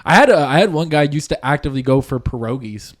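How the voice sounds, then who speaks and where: A man's voice: on the high side, expressive, fast. A man hosting a podcast, telling a story in casual chat and laughing often. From Canada. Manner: laughs often, tells stories with quoted voices. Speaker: podcast host.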